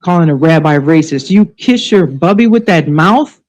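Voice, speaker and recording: A woman hosts a live online show and rants in anger, swearing freely and firing off sarcastic rhetorical questions. Her voice is dark and mellow even at its most heated. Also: sits low, normal speed, low-quality recording. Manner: angry, profane, sarcastic. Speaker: livestream show host. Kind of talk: ranting live commentary.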